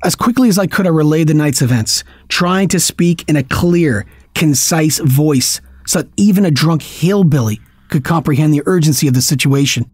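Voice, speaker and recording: A man narrating a first-person story in a steady, tense storytelling manner. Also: on the high side, moderate pace, few pauses, breathy edge, no echo. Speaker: audiobook narrator.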